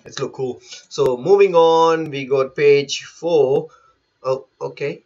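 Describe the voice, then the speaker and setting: A man's voice: on the high side, steady tone, slow, mellow, lo-fi sound. A man who is not a native English speaker, chatting through a manga chapter live, reading panels aloud and laughing often. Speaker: manga reaction host. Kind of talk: live reaction commentary.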